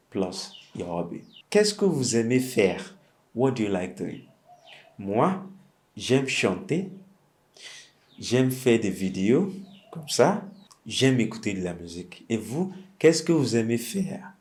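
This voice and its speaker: A man teaching a French lesson, speaking slowly and repeating each phrase for learners. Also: on the low side, a little mellow. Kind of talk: language lesson.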